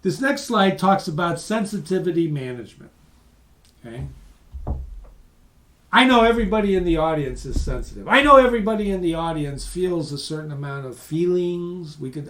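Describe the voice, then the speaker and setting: A man presenting a webinar as a lively, emphatic storyteller who speaks straight to his audience. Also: on the high side, normal speed, roomy sound. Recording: voice distant from the mic.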